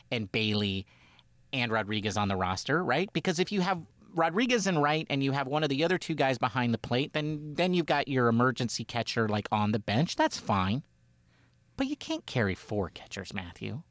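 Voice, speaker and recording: A man co-hosting a casual sports podcast, rambling from point to point and acting out quotes. His voice swings widely in pitch, sitting in a middle register. The sound is dry and close. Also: no room sound. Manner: animated, rambling, acts out quotes. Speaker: podcast co-host.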